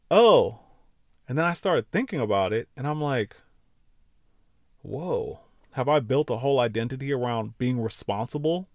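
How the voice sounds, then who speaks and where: A man's voice: mid-range voice, gravelly, dry recording, clean studio sound. A man hosting a podcast, telling a personal story in a reflective, conversational way, with frequent fillers and laughing at himself. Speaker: podcast host.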